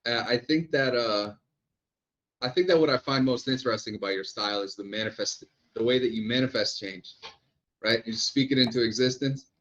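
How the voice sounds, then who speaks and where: Man, interview host, halting, repeats himself, mid-pitched voice, dull lo-fi audio. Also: a bit bright. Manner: halting, repeats words while thinking. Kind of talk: casual interview chat.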